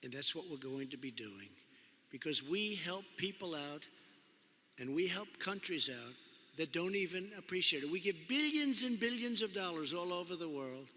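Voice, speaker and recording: Speaking as president, a man rambles through an unscripted political address, repeating himself and adding conversational asides. His slightly high voice is animated and sharp at a moderate pace, recorded with the long echo of a big hall.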